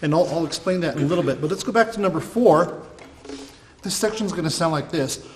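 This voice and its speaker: A man's voice: on the high side, lively intonation, fairly quick, slight background noise. A man teaching violin, patiently explaining bowing and grace notes and scatting the rhythms. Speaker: violin instructor. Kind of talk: music lesson.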